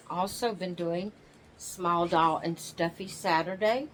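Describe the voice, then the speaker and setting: A woman hosting her own channel, chatting casually from her rocking chair at home in a slow, homey, rambling way and yawning now and then. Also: fairly low pitch, slight background noise, poor audio. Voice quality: slow, drawling, yawns often. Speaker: channel host. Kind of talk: casual chat.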